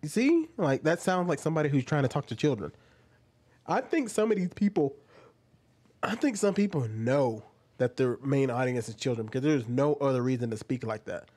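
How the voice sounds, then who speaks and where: A man's voice: mid-range voice, very animated, normal speed, a little mellow. A young man giving reaction commentary, arguing with a string of rhetorical questions.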